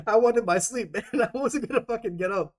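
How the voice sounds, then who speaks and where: A man's voice: extremely high pitch, normal speed. A young man casually telling stories from basic training, rambling and swearing a lot, laughing often as he goes. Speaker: vlogger. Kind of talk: casual storytelling.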